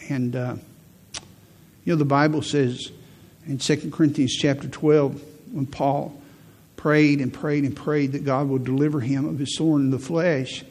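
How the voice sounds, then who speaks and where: A man's voice: fairly high pitch, steady tone, a little slow, creaky, pauses often, darkish tone. A middle-aged man preaching a sermon as pastor, emphatic, repeating key phrases and lifting his voice to stress a point.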